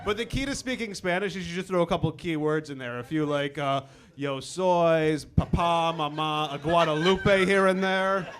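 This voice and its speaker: A man from Chicago doing a stand-up set on a comedy club stage, deadpan, with mock foreign gibberish. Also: on the high side, normal speed.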